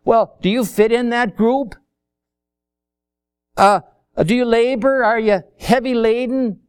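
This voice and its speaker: High-voiced slow-preaching man. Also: steady tone, clean tone. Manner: folksy, acts out little dialogues. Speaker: pastor. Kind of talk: sermon.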